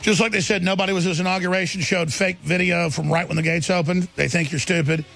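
Gravelly, combative male talk host. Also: sits high, fairly even intonation, quick pace, over music. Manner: ranting, combative, repeats words. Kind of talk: heated political commentary.

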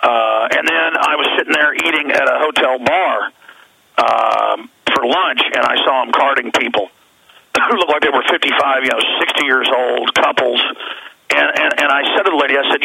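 A man's voice: medium pitch, moderate pace, creaky, bright, forceful tone, husky, no room sound, low-quality recording. A male radio host ranting indignantly in a rambling monologue, calling in by phone. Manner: indignant, rambling, repeats words.

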